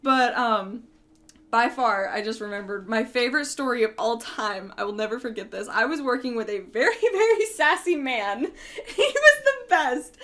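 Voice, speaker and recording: A young woman casually telling animated stories, laughing as she acts out customers and coworkers. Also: fairly high pitch, normal speed. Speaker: storyteller. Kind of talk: casual chat.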